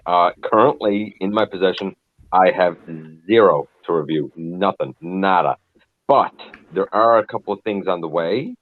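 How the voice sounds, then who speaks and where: A man's voice: sits low, moderate pace, narrow, tinny audio. A man chatting as a guest on a live stream, wordy and self-deprecating. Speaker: guest reviewer. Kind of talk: casual live-stream chat.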